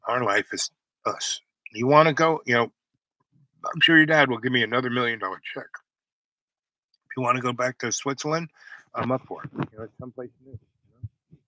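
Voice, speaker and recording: Bright-voiced man telling a rambling story. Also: mid-range voice, brisk, long pauses, no echo, poor audio. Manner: rambling, full of "you know" and restarts. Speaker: host. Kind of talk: casual storytelling.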